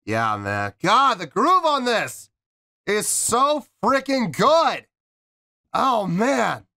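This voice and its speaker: Lively man reacting to music. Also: very high-pitched, slow pace, creaky. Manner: animated, mock-indignant joking. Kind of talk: casual reaction commentary. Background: song playing faintly.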